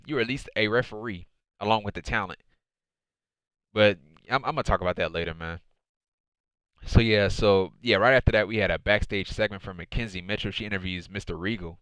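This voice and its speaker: Male host, low and crisp, rambling chatty recap, lots of "man" and "dude". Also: fairly quick, a bit bright, no echo. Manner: rambling, repeats phrases, says "man" and "dude" often. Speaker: wrestling show reviewer. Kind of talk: casual recap commentary.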